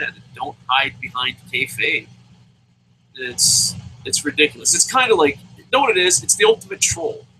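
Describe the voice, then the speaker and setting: A man tears into wrestling in a loose, profane rant, slipping into mocking impressions as he goes. His voice is very bright and sits a bit high. A faint noise runs under the recording. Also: poor audio. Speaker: wrestling show reviewer. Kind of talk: casual opinionated rant.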